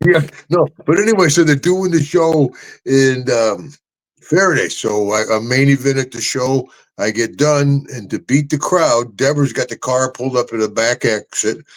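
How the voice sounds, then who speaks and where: A man's voice: moderate pace, low-quality recording. Laughing man telling road stories. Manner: animated storyteller who jumps high into voices for quoted people, laughing often. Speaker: podcast co-host, retired wrestler telling road stories. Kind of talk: casual storytelling chat.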